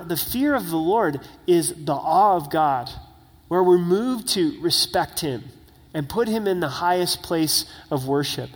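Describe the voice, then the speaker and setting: A man's voice: fairly high pitch, in a large hall. A middle-aged man preaching a sermon as pastor, talking in an earnest, conversational way with frequent tag questions.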